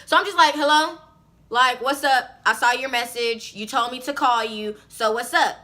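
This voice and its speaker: A young woman vlogger telling a personal story in an animated, expressive way, with lots of fillers. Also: high-pitched, moderate pace. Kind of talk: storytime vlog.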